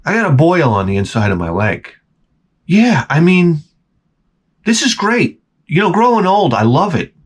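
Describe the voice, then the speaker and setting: Brief: forties male vlogger, slightly high voice, profane comic rant, swings all over in pitch. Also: very animated, moderate pace, long pauses, husky. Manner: grumbling, swears freely, jumps between complaints. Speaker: channel host.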